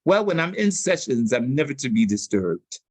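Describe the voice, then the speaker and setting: A man telling stories as a guest in a sit-down interview, animated and slangy. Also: medium pitch, moderate pace, dry recording. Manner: animated storyteller with street slang. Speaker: public relations consultant, interview guest.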